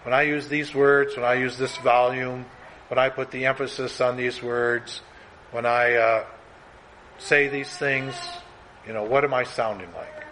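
A man's voice: medium pitch, steady tone, measured pace, a bit bright, low-quality recording. Man teaching a class, earnest and conversational, mid-range voice, faint hiss behind. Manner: earnest, conversational, speeds up when acting out examples.

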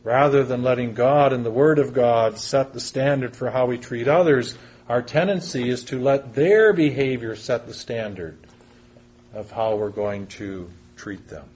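Husky-voiced man preaching a sermon. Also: mid-range voice, a little slow, a little mellow. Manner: earnest, conversational preaching with scripture reading. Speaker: pastor.

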